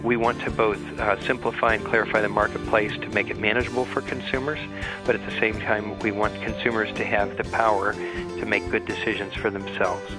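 Male official, low flat delivery, music bed. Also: a little fast. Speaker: government official. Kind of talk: recorded interview clip.

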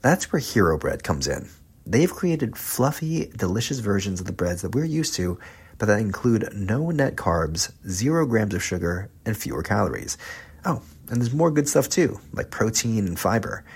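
Low husky guy hosting a radio food show, very up and down in pitch, soft music underneath. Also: big pitch swings, normal speed. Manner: conversational, friendly questions. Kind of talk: radio interview and ad read.

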